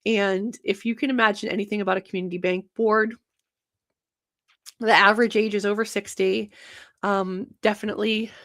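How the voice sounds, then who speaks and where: A young woman hosting a casual livestream show, talking fast and energetically with many fillers. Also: medium pitch, flat delivery, a bit bright. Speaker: host of a banking livestream show.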